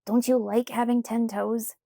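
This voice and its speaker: A woman's voice: a little high, level tone, measured pace, creaky, warm tone, no echo, studio quality. Woman doing a cocky, teasing young man. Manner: teasing, breezy. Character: cocky young male shapeshifter, teasing and cheerful.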